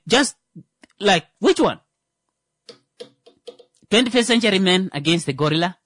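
Animated comedian with a lively, swooping voice. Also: male voice, no echo, studio quality. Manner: animated, jumps into high mocking voices for bits. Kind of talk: stand-up style comedic monologue.

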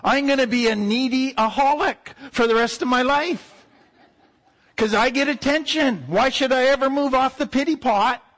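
A man's voice: sits high, flat delivery, normal speed, hardly any pauses, a bit bright. A man voicing a needy, self-pitying person who begs to be rescued, in a whiny, pleading tone. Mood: gleeful.

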